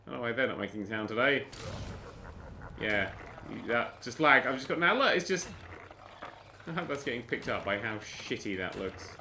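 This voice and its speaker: Brief: British male gaming host, bright cutting voice, lively sarcastic rant with faint hiss behind. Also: mid-range voice, moderate pace, long pauses. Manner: sarcastic, exasperated, ranting. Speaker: gaming YouTuber. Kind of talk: sweary game commentary.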